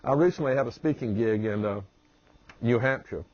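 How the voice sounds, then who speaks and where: Slow-drawling Southern man, husky voice. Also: medium pitch, no room sound, highs cut off. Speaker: humorist and motivational speaker. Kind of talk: promotional self-introduction with anecdotes.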